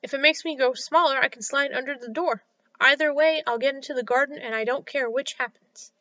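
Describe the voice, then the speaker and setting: A curious young girl from a storybook, put on by a woman reader. Her voice sits high and sounds bright. The recording is a little dull and lo-fi. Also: a little fast, no echo. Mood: decided. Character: young girl Alice, curious and easily upset.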